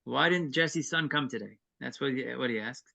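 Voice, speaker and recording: Male scripture teacher with a bright, forceful tone who explains verse by verse. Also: medium pitch, moderate pace, gravelly, lo-fi sound. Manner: reads Hebrew verses then explains them; earnest and explanatory, with brief chuckles. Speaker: Torah class teacher. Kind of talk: evening text-study class.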